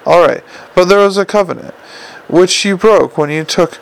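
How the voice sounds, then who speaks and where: A man reading an audiobook and voicing an exasperated, gloomy adult man in a gravelly voice. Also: normal speed, low-quality recording. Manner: agitated and exasperated, rising in pitch. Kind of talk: audiobook character voice.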